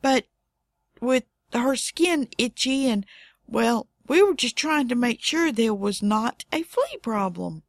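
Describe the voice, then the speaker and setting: Middle-aged woman telling a story, slow and dry humor, kinda high voice, dead dry sound. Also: dry recording. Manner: wry, deadpan asides. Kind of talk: casual anecdote telling.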